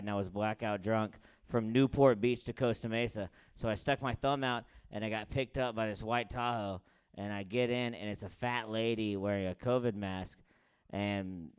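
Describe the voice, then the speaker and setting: A young man doing loose stand-up, telling crude, rambling, self-mocking stories that swing from loud to quiet. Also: mid-range voice, clean tone. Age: young adult. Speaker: stand-up comic.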